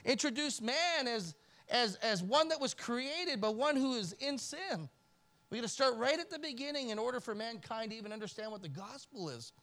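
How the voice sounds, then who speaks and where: A man preaching a sermon in church as pastor, swinging from loud emphasis to near-whispered pleading. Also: very high voice, lively intonation, moderate pace. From Canada.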